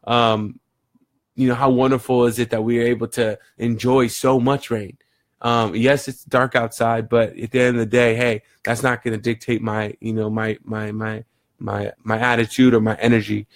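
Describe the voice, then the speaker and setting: A man's voice: medium pitch, level tone, moderate pace, no echo, studio quality. A man giving an earnest, rambling motivational monologue, often repeating words as he thinks aloud. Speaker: motivational vlogger. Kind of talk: reflective casual monologue.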